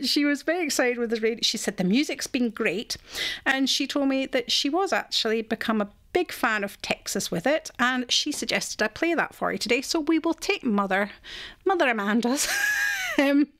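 A woman's voice: high-pitched, big pitch swings, moderate pace, a bit bright. A middle-aged Scottish woman presenting a radio show, chatting casually and laughing as she tells a story. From Scotland.

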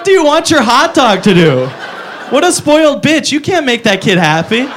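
A high-voiced man doing a stand-up set, his pitch leaping all over as he acts out bits. The recording carries a clear layer of background noise from the live room. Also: a little fast. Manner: animated, swings into high squeaky voices for characters. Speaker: stand-up comedian. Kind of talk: stand-up routine.

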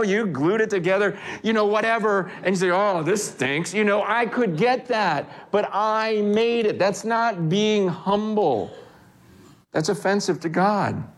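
A man preaching in a loose, conversational way, with a voice that sits high for a man. He is lively and animated and slips into the voices of the people he quotes. It feels like talking with the congregation more than preaching at them. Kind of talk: sermon.

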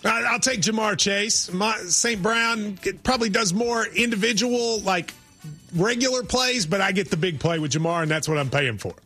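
A man's voice: sits high, normal speed, sharp tone, faint music behind. A man on a sports talk show making decisive picks, often hedging his reasons first. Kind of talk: casual sports debate.

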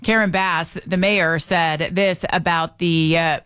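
A woman hosting a talk radio show, opinionated and animated, with sarcastic asides. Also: fairly low pitch, slow, clean tone. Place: radio studio.

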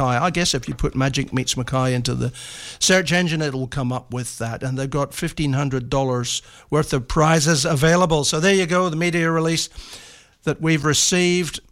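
A man's voice: on the high side, fairly bright tone. A man with an Australian accent presenting a community radio show in a studio, chatting casually and reading notices aloud with offhand asides. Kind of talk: relaxed radio announcing.

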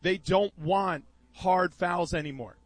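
A man, a former pro football player, co-hosting sports talk radio in a measured, explanatory way. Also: high voice, dry recording, low-quality recording. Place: radio studio.

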